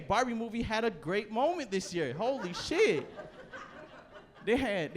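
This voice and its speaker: A young Canadian man performing a stand-up set, telling a loose, profane story with animated bursts. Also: on the high side, slight background noise. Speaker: stand-up comedian. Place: comedy stage before a live audience.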